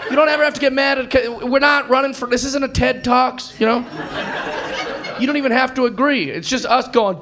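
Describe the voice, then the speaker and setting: A man performing stand-up comedy on a club stage, telling stories with animated, mocking voices and a self-assured delivery. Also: very high-pitched, normal speed, pauses often. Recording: loud crowd noise, club ambience.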